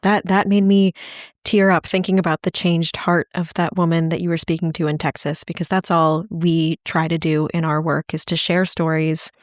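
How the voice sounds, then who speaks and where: Low, flat-voiced young woman co-host. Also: dry recording, clean studio sound. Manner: measured, careful questions. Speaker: student co-host.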